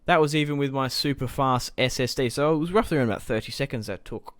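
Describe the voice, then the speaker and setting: A man's voice: mid-range voice, fast, a bit bright, dry recording, clean studio sound. A young man giving casual, rambling let's-play commentary as he plays, thinking aloud and swearing now and then. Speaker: gaming let's-play host.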